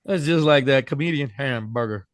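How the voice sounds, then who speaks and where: A man's voice: medium pitch, moderate pace, dry recording. A man co-hosting a casual wrestling podcast and cracking jokes. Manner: joking, playful. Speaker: podcast co-host.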